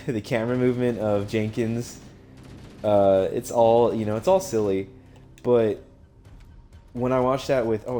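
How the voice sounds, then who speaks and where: Excitable, swearing young male streamer. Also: on the low side. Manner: excitable, swears a lot, laughs often. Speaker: gaming streamer. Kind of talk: casual let's-play commentary.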